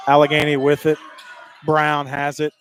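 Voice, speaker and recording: A man calling high school basketball play-by-play, rapid and excitable, climbing higher on big plays. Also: a little hiss or hum. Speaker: play-by-play announcer.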